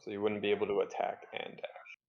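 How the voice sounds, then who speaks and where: A man's voice: fairly low pitch, fast talker, creaky, lo-fi sound. A man running a tabletop game as dungeon master, narrating the action, explaining rules and laughing along with the players. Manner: animated, laughs often, acts out enemy lines.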